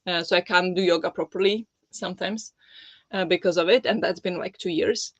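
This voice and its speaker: Soft-spoken streamer nursing a sore throat. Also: steady tone, brisk, dry recording. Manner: talking softly with a held-back, lowered voice. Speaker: livestream host. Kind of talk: casual chat with viewers. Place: home.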